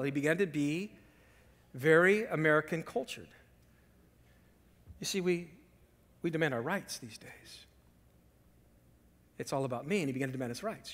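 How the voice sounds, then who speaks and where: Male pastor, high voice, dramatic sermon delivery with hushed asides, church reverb. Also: normal speed, long pauses. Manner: dramatic swings from loud emphasis to hushed whispers; lively storytelling with rhetorical questions. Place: church sanctuary.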